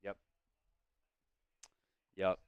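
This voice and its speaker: A man's voice: extremely slow, dry recording, phone-quality sound. A man hosting a live fan stream, giving blunt, frustrated play-by-play with some swearing.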